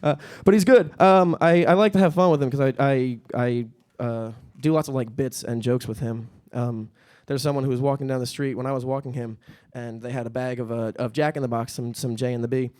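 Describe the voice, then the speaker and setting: A young man performing a stand-up comedy set on stage, talking in a deadpan way and breaking into high-pitched panicky voices for punchlines. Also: a little fast, hardly any pauses. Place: comedy stage at a live-streamed event.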